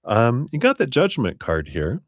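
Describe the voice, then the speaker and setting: A man doing a live-streamed tarot reading, talking gently and unhurriedly as he offers spiritual guidance. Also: mid-range voice, wildly swooping pitch, a little slow, no room sound, clean studio sound. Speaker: tarot reader.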